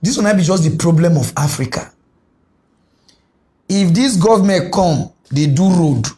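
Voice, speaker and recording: A man with a strong Nigerian Pidgin English accent pleads with politicians, hammering his points with repeated words. His voice sits high yet sounds soft and mellow, with no edge to it. He talks like an earnest commentator making a heartfelt appeal. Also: animated, normal speed.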